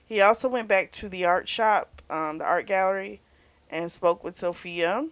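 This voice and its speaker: A woman's voice: medium pitch, normal speed, no room sound. A woman hosting a book club channel, retelling a romance novel's plot in casual chat full of "like" and "you know".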